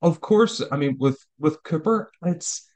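A man's voice: a little high, lively intonation, unhurried, a little mellow. A man talking as a guest in a casual interview, rambling with frequent stammered restarts. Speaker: author guest.

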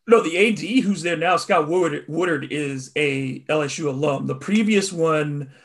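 A man co-hosting a casual sports talk show, chatting in an animated way. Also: a little high, normal speed. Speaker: podcast co-host.

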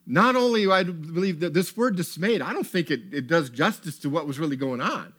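Male preacher in a tent service, slightly higher voice, lively storytelling delivery. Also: a little fast, slightly rough. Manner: animated storytelling, acts out characters. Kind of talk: sermon. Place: tent with an audience.

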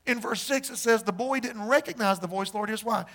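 A man preaching a sermon as pastor, joking with the congregation and shouting out in bursts. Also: high voice, fairly quick.

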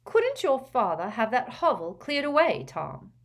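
A woman's voice: fairly high pitch, huge pitch swings, unhurried, pitched above the performer's own voice, heavily acted. A woman voicing a haughty, mocking rich young woman. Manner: haughty, sneering.

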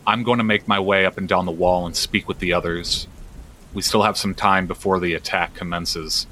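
A man's voice: sits low, steady tone, normal speed, sharp tone, a little hiss or hum, poor audio. A man voicing a grave, pawed guard commander. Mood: commanding.

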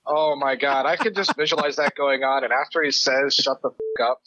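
A man with a bright, somewhat high voice chats loosely about a movie, reacting and tossing out questions. The sound is dry and a bit dull, with the top end of the audio cut off. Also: steady tone, fairly quick, no room sound. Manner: casual, reacts and asks questions. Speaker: podcast co-host. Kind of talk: casual movie chat.

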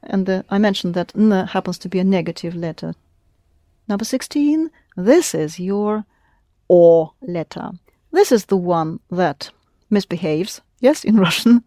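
A woman's voice: mid-range voice, animated, measured pace, mellow, no echo, studio quality. A woman teaching a language class, patiently prompting her students with questions. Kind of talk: classroom lesson.

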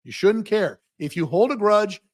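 A man's voice: high voice, animated, normal speed. A man hosting a livestream Q&A, answering viewer questions in a blunt, profane, opinionated way. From United States.

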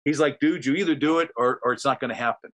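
A man with a medium-pitched voice rattles off a long, rambling tale at a fast clip while chatting casually as a storyteller guest. He's lively and acts out the quotes himself.

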